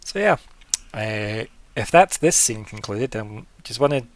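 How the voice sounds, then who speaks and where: A man narrating as game master in a casual, relaxed way, laughing often and filling his talk with "like". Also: fairly low pitch, measured pace, no room sound.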